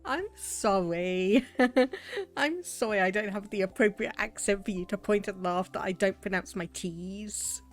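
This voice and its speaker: A young British woman streams a game and chats with her viewers at an easy, unhurried pace. Her voice sits at a middling pitch, and she laughs often while she thinks aloud. Faint game music plays behind her desk microphone. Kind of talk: casual chat with live viewers.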